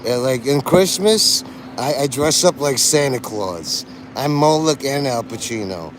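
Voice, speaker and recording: A man's voice: mid-range voice, animated, a little slow, slight background noise. A man livestreaming outdoors in a city, rambling and joking and laughing at his own jokes. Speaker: live streamer. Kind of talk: casual rambling livestream chat.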